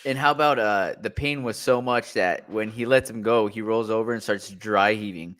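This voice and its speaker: Dude hosting a fight podcast, laid-back, chuckles, does little quote voices. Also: male voice, lowish voice, moderate pace, fairly bright tone. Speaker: podcast host. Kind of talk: casual fight breakdown chat.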